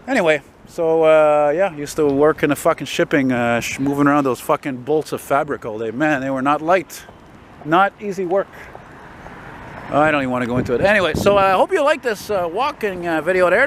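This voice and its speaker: Middle-aged man, slightly high voice, loose and profane walk-and-talk vlogger, faint traffic hiss behind. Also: a little fast, a bit bright. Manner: casual, profane, digressive. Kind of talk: rambling walk-and-talk monologue. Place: outdoors on a windy city street.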